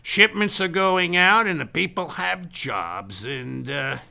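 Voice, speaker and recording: Man voicing a bragging self-styled laird, American tycoon, rambling bluster, high and gravelly. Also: lively intonation, takes it slowly, sharp tone, heavily acted. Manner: brash, self-important, rambling salesman bluster. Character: boastful American businessman turned self-styled Scottish laird. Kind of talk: improvised comedy character monologue.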